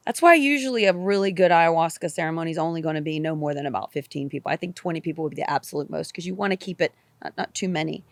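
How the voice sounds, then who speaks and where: Animated woman telling a story, dry sound. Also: low voice, very fast, hardly any pauses, dry recording. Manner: animated, repeats phrases, swears casually. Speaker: podcast guest. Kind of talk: personal storytelling in a podcast interview.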